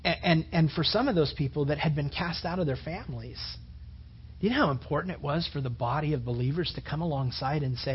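A man's voice: on the high side, brisk, a little hiss or hum. A man preaching a conversational sermon, rambling casually and peppering his talk with "you know" and "man". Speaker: pastor. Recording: dull lo-fi recording.

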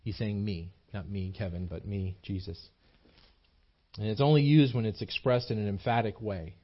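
A man's voice: fairly low pitch, normal speed, lo-fi sound. A man preaching a sermon in a small church, earnest and emphatic, repeating himself as he builds his points. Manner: earnest, repetitive, emphatic delivery with frequent restarts. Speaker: pastor.

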